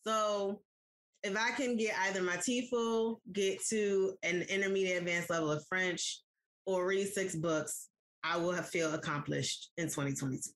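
Her voice is on the low side and fairly bright, with mostly even intonation and a normal speed. She's an American podcast co-host in a relaxed, chatty conversation aimed directly at her listeners.

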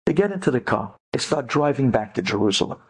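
A man's voice: medium pitch, quick pace, breathy edge. A man telling an inspirational story dramatically, with sighs and asides to his listeners. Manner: dramatic, animated, sighing.

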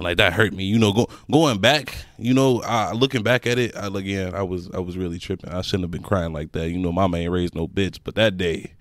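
A man's voice: low-pitched, a little fast, few pauses, no echo. A young man, a podcast co-host, telling a personal story in casual slangy chat with friends, laughing as he goes. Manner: animated, laughs through his story, slangy.

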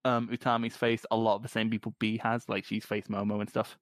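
A man's voice: fairly low pitch, little pitch movement, no room sound. Sweary Scottish man ranting casually. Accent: Scottish, light. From Scotland. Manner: sweary, ranting, quick to laugh. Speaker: podcast co-host. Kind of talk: casual chat.

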